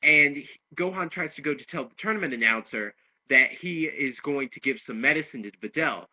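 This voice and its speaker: Man, husky voice, casual episode recap, rambling, muffled lo-fi recording. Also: fairly high pitch, expressive, moderate pace. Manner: rambling retelling with restarts, acting out quoted lines. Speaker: anime episode reviewer. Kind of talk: casual plot recap and review. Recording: dull lo-fi home recording.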